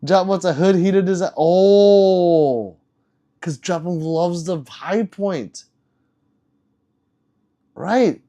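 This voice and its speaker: A man's voice: high voice, slow, pauses often, mellow. A man livestreaming, reading out chat messages and teasing viewers in a loose, rambling, joking way.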